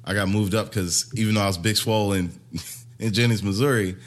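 A man's voice: fairly low pitch, steady tone, brisk. A man from the American Midwest, a guest in casual podcast chat, telling stories in a laid-back way that trails off and laughs at himself.

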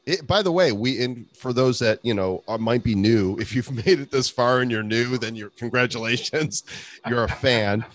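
A man's voice: mid-range voice, normal speed. A man co-hosting a podcast, chatting casually and jokily. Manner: animated, jokey, breaks into voices. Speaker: podcast co-host. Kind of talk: casual chat.

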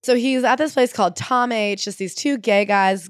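A woman co-hosting a casual book chat, gossipy and animated, reading quotes aloud. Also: mid-range voice, brisk, hardly any pauses, no room sound, clean studio sound. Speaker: podcast co-host.

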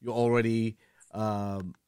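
A man's voice: on the low side, little pitch movement, takes it slowly, a little mellow, clean tone, no room sound, studio quality. A man with a New York accent hosting an interview, talking in a rambling, chatty way. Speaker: interview host. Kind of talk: casual interview chat.

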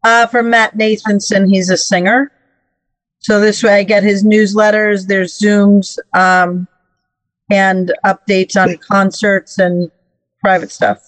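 A woman's voice: mid-range voice, flat delivery, slow, dry recording, long reverb tail, low-quality recording. A woman guest talking casually over a video call, easygoing and a little hesitant. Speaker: Zoom guest.

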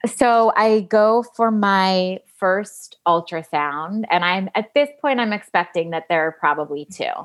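A woman's voice: medium pitch, a little slow, few pauses. A woman in her late thirties telling a candid personal story as a guest, animatedly acting out what others said and swearing casually. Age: late 30s. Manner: animated, acts out quoted dialogue, swears casually.

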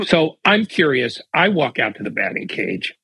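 A raspy older man tells his stories with dry, wry timing, like a veteran sportswriter holding court. His voice is husky yet bright and cutting. The recording is close and dry. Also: medium pitch, big pitch swings, normal speed, no room sound. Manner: dry, wry anecdotal delivery. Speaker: guest sportswriter. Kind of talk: casual podcast storytelling.

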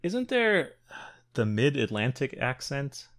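A man from the US Midwest co-hosting a podcast, chatting casually with dry, deadpan humor. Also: mid-range voice, slow pace, no echo. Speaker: podcast co-host.

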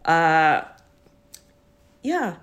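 A young woman with a somewhat low voice talks in a loose, halting podcast chat. She is teary, full of fillers and restarts, and laughs now and then through the tears. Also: sing-song, fairly bright tone, lo-fi sound. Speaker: podcast co-host. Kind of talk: casual chat.

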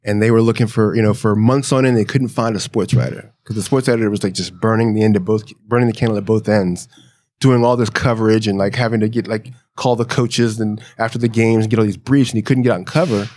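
A man from Virginia, a magazine editor guest, telling stories in a relaxed, animated way and laughing often. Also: lowish voice, fast talker. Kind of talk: casual storytelling in an interview.

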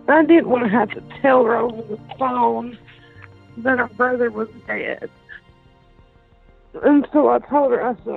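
A woman, a sister recounting a family tragedy in an emotional, halting interview, often repeating words. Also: on the high side, gravelly, slightly rough, faint music behind. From Georgia, USA. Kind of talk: recorded interview recounting events. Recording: tinny phone-line interview audio.

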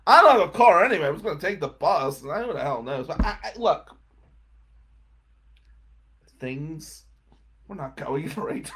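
Husky man telling an animated story. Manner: animated, swings from loud outbursts to low mutters. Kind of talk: casual storytelling monologue.

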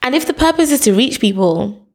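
Young woman guest, animated, fairly high voice, acts out quotes. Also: fairly quick. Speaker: podcast guest. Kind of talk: casual interview chat.

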